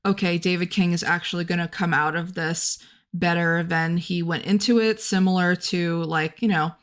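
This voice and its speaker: A woman's voice: fairly low pitch, fairly even intonation, moderate pace. A woman co-hosting a film podcast, talking casually with a frank, dryly cynical take. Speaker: podcast co-host.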